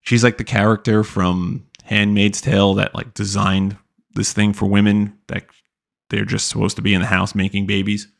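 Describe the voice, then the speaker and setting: A man's voice: on the low side, flat delivery, normal speed, creaky. A young man hosting a podcast, ranting casually with profanity and lots of filler words. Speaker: podcast host. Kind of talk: casual commentary rant.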